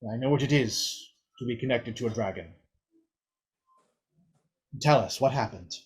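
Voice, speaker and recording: A man voicing a calm, earnest adventurer with dragon blood who speaks in a measured, pleading way. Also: mid-range voice, slightly rough.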